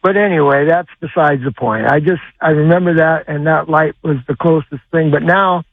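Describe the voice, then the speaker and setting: Older guy calling in, rambling w/ lots of uhs, kinda high voice, tinny phone line, dry. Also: dry recording. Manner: rambling, halting with many uhs. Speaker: caller. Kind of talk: call-in radio story.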